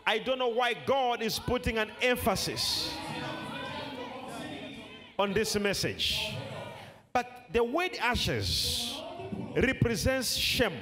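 A man preaching a sermon in a church, shouting and repeating phrases with drawn-out emphasis. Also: very high-pitched, sing-song, long reverb tail, crowd noise.

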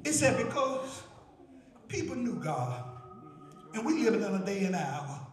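A man preaching a sermon in a church, shouting in a rhythmic cadence full of hallelujahs, heard from far off in an echoey room. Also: high voice, sing-song, measured pace, noisy background. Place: church sanctuary.

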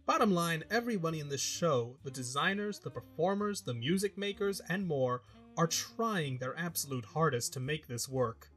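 Bright-voiced man narrating a scripted review. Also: on the high side, lively intonation, normal speed, husky, faint music behind. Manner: emphatic, opinionated delivery. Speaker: reviewer and show host.

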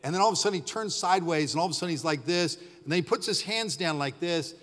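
A middle-aged man, a pastor, preaching a sermon in a church, telling stories with acted-out quotes and shouting at the high points. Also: quick pace, long reverb tail. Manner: animated storytelling, acts out quotes, shouts at peaks. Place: church sanctuary.

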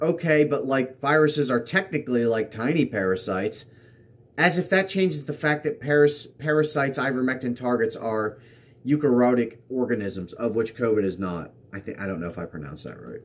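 Guy doing a sarcastic tweet-reaction rant, mid-pitched voice, keeps repeating himself to make a point. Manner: sarcastic, mocking, repeats lines for emphasis. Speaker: political commentary host.

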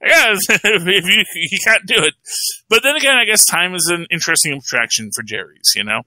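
Brief: male podcast host, animated and bright, rambles with restarts and laughs, dry sound. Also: high voice, normal speed, no echo, poor audio. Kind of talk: casual chat, film review.

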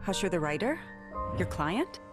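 An actress voicing a worried grown woman searching for a missing ex-husband, talking in a brisk, concerned way. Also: fairly low pitch, big pitch swings. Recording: game scene with music behind.

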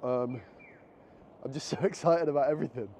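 With a mid-range voice and a slightly quick pace, a travel vlogger chats eagerly and thinks out loud on a handheld camera. He walks city streets, stops in a convenience store, and sounds a bit out of breath. Street noise fills the muffled audio.

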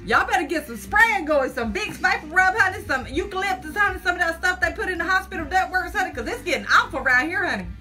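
Woman, live-stream seller on a phone; high, sharp, folksy, keeps saying honey and child. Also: lively intonation, quick pace, few pauses, faint music behind. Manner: chatty, folksy, says "honey" and "child" constantly; jittery, talks through nerves. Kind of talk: casual live-stream chat.

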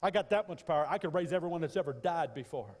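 A man's voice: on the high side, animated, fast talker, darkish tone, voice pushed up. A man voicing a confident, playful Jesus speaking to a friend, in a loose, teasing way. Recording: live church sermon with long reverb.

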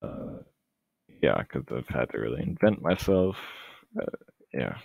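A man's voice: rumbling low, sing-song, unhurried, vocal fry, husky, dry recording. A young man, losing his voice, rambling hesitantly and sarcastically through casual gameplay commentary. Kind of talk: casual let's-play commentary. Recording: tinny lo-fi dry mic.

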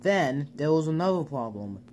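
A man narrating a homemade train story in a slow, halting way with many restarts. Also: fairly high pitch, expressive, darkish tone, slight background noise.

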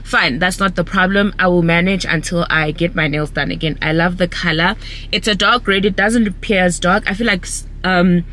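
Brief: young South African woman vlogger, bright forceful voice, animated ranting, faint background noise. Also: medium pitch. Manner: animated, ranting, switches between English and isiZulu. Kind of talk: casual vlog chat.

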